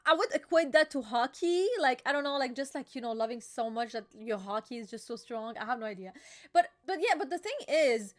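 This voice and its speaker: This is a young adult channel host reacting live to a manga chapter in a casual chat. Her voice is high and bright; she's emotional and easily excited, rambling freely and sprinkling in slang and frequent fillers.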